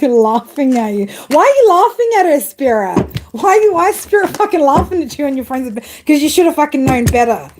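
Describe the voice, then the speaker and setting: A woman's voice: high-pitched, darkish tone. A woman doing a casual live tarot reading, chatty and full of swearing, calling her viewers girl and babe. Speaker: tarot reader.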